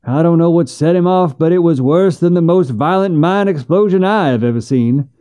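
A man narrating a western story in a measured, steady way. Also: a little high, clean tone.

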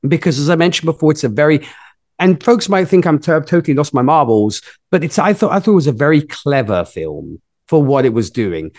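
A man hosting a podcast, with a voice pitched a little high, talking through a film with eager, lively energy. The recording is dry and close, with no room echo. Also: fairly quick. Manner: enthusiastic, lively storytelling. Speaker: podcast host. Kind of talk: casual movie review chat.

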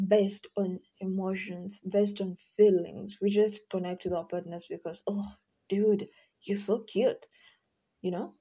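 A woman's voice: mid-range voice, warm tone, husky, highs cut off. A woman hosting a podcast, talking in a casual advice monologue, chatty and acting out quoted voices. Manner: chatty, acts out quoted voices, laughs often. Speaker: podcast host.

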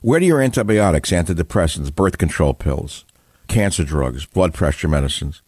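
A man's voice: low voice, lively intonation, normal speed, a little mellow, slightly rough, no room sound, clean studio sound. An older man hosting political talk radio, ranting angrily about taxes and politicians. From United States. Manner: angry ranting. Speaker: radio host.

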